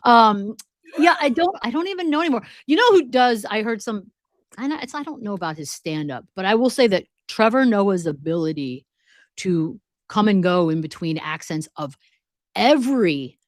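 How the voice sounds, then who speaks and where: A woman's voice: mid-range voice, expressive, no echo. Chatty woman co-host, dry close sound. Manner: chatty, rambling, quick asides. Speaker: podcast co-host. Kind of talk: casual chat.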